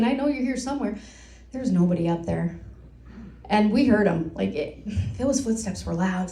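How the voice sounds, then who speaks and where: A middle-aged woman tells tour-guide stories to a live audience, laughing at herself as she goes. Her voice sits a little high. The sound is roomy and echoey, as in a brewery hall. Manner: animated, self-mocking, laughs through her stories. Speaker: lighthouse tour guide and volunteer. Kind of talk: live storytelling talk to a pub audience. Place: brewery event room.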